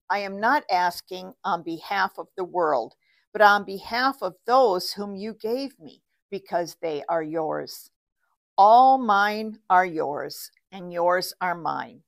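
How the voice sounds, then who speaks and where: A woman preacher reading scripture and giving a sermon in a slow, measured way. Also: medium pitch.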